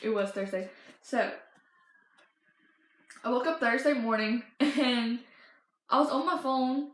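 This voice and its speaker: A teenage girl rambles excitedly to her camera, her voice sitting a little high and gushing through stories full of fillers and restarts. The sound bounces around an echoey room. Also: slow. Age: teens. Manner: gushing, breathless storytelling with many fillers and restarts. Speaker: fan vlogger. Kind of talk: excited casual chat.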